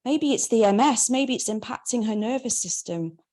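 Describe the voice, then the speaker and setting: A woman, reading her memoir aloud in a wry, measured way. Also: a little high, expressive, a little mellow. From Manchester, England. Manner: wry, measured first-person narration. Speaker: memoir author.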